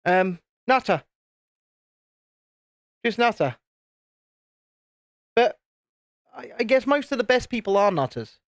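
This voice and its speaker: A man's voice: sits high, big pitch swings, slow, pauses often, no echo, clean studio sound. Chatty man on a live stream. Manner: chatty, rambling, self-interrupting. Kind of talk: casual live-stream chat while building Lego.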